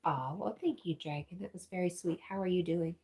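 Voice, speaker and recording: A woman's voice: lowish voice, a little fast, warm tone, a little hiss or hum. A woman hosting a casual livestream, reading out viewer comments and laughing often. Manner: giggly, reads out chat messages. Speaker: livestream host.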